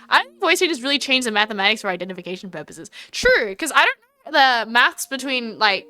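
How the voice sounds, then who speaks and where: A woman's voice: a little high, very animated, brisk, pushed and bright, no room sound, faint music behind. A young Australian woman streaming live, chatting in a rambling way with lots of fillers and restarts. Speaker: VTuber streamer. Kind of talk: casual livestream chat.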